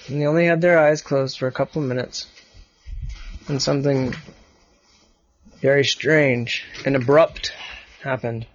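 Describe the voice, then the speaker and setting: A father making up a bedtime story for his children, in a casual, gently coaxing way, at home in a bedroom. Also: fairly high pitch, no room sound, muffled recording.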